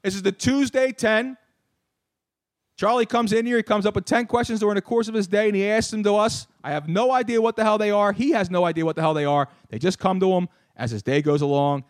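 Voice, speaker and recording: A man's voice: high-pitched, fast talker, hardly any pauses. A man hosting a radio talk show, brash and profane in casual banter.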